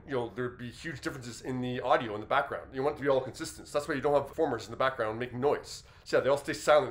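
A man hosting an entertainment news commentary, reasoning aloud in a measured way as he weighs a story. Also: medium pitch. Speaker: commentary host.

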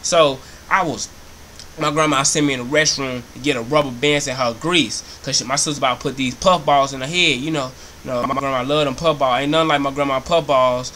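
Loud profane young man ranting. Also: medium pitch, a little fast, a little hiss or hum. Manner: animated, repetitive, heavy profanity. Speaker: comedy vlogger. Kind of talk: profane comic storytelling rant.

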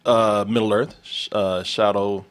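A man's voice: on the low side, fairly even intonation, slow. An American man hosting a casual interview, jokey and enthusiastic. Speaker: interview host.

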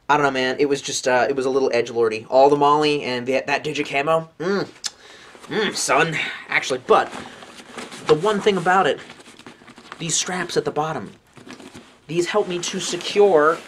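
Rambling, joking man in his late twenties. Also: on the high side. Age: late 20s. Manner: joking, rambling, swears casually. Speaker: gear reviewer. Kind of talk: casual gear review vlog.

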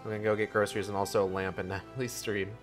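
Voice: deep voice, level tone, fast talker, soft background music. A streamer chatting casually while playing, rambling and trailing off. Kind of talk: casual game stream chat.

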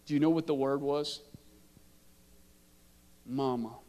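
A man, a pastor telling a story in his sermon and building from quiet narration to impassioned preaching. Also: on the high side, normal speed, in a large hall. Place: church sanctuary.

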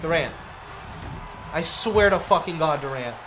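Young man shouting, swearing at a game. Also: fairly high pitch, expressive, measured pace, noisy background. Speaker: streamer playing a basketball video game. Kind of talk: live gameplay commentary. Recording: game music behind the voice.

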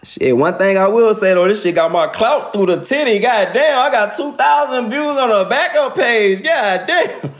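A man's voice: high-pitched, expressive, moderate pace, fairly bright tone. A man ranting casually on a livestream, profane and laughing often.

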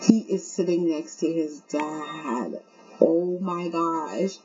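A woman giving casual let's-play commentary, chatty and excitable, talking straight to her viewers. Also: deep voice, slow, slightly rough, highs cut off, faint music behind. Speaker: game streamer.

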